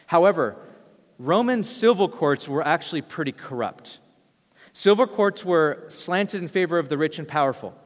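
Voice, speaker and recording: Conversational pastor in a reverberant hall. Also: male voice, fairly high pitch, animated, moderate pace. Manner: conversational, storytelling, acts out quotes. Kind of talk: sermon.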